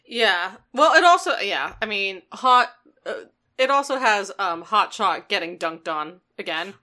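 A woman co-hosting a casual podcast recap. Her tone is bright and clear at a middle pitch. She drops in wry, dry remarks. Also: animated, unhurried. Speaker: podcast co-host.

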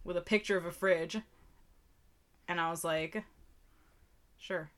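A woman co-hosting a casual chat, chiming in with quick, wry remarks and some swearing. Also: on the low side, fairly even intonation, fairly bright tone. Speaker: co-host.

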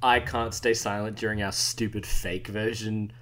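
A man's voice: fairly low pitch, little pitch movement, moderate pace, fairly bright tone. A man with an Australian accent co-hosting a podcast, telling rambling stories and swearing freely. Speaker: podcast co-host. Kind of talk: casual podcast chat.

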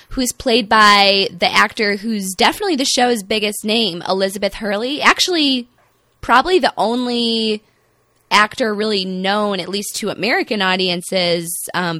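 A woman's voice: mid-range voice, moderate pace, sharp tone, no room sound, clean studio sound. A woman co-hosting a podcast in casual chat, wry and joking, her voice stuffy from being sick. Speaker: podcast co-host.

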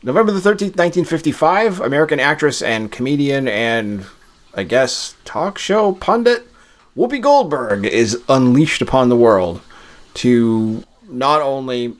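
A man's voice: mid-range voice, expressive, measured pace. Man from Massachusetts, podcast co-host; casual, rambling delivery with restarts. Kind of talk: casual chat.

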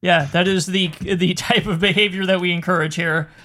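A young man hosting a casual podcast, talking in a relaxed, easygoing, rambling way. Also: sits high, moderate pace. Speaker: podcast host.

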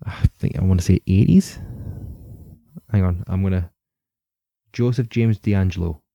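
Deep, mellow-voiced man chatting on a podcast. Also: measured pace, creaky, dry recording, dull audio. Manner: rambling, laughs often, swears casually. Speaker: podcast host. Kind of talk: casual true-crime podcast chat.

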